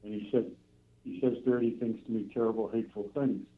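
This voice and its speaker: A man's voice: on the low side, steady tone, fairly quick. Older male caller on a tinny phone line. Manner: rambling storyteller, many fillers. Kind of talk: phone-in anecdote.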